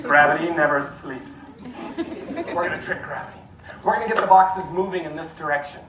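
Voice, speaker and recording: A man doing a playful live comedy science show, talking to the audience with joking asides. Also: high-pitched. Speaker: stage performer. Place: large hall before a live audience. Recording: echoey hall, mic from far off, crowd and noise.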